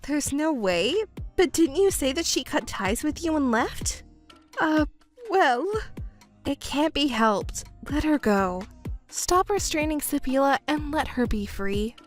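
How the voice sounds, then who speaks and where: A woman voicing a cool-headed young stepdaughter who speaks calmly and coldly in a texting story. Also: sits high, slow pace, faint music behind. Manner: calm, cold and matter-of-fact.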